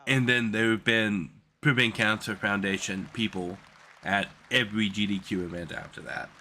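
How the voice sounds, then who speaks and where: A man's voice: on the low side, steady tone, moderate pace, bright, forceful tone, a little hiss or hum. A man from the American South chatting casually as a streamer while watching speedruns, rambling and self-deprecating, recovering from being sick. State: recovering from illness.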